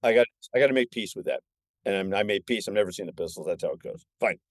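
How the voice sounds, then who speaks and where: A man in his sixties, a filmmaker guest on a podcast, telling stories in an animated, excitable way. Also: fairly low pitch, fast talker, no echo, clean studio sound. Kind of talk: casual podcast chat.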